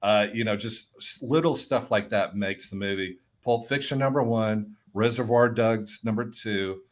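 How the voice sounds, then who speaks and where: A man co-hosting a casual sports podcast, speaking in a lowish voice. He is opinionated but keeps stumbling into restarts before he lands his point. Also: moderate pace. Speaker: podcast co-host. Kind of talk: casual fantasy baseball chat.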